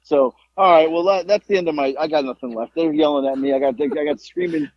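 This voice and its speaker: A man co-hosting a podcast, telling a wrestling story in casual chat, animated and profane, rambling with lots of fillers. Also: fairly high pitch, fast talker, gravelly, dull audio. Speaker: podcast co-host, former wrestler.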